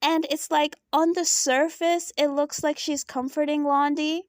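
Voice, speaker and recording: High-voiced woman reviewing reality TV. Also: measured pace, no room sound, studio quality. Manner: animated, keeps asking "right?". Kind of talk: casual commentary.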